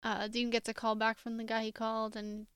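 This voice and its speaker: A woman's voice: a little high, completely flat delivery, brisk, a bit bright, smooth, dry recording. A woman co-hosting a podcast, recapping scenes in a dry, wry way. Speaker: podcast co-host. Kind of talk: casual chat.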